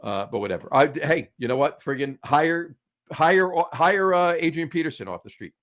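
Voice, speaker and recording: A male sports podcast co-host with a lively, swooping delivery. He rambles, trips over his words and fixes them mid-sentence, with an easy, unscripted feel. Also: on the high side, normal speed. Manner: rambling, self-correcting, laughs at himself. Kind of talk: casual sports chat.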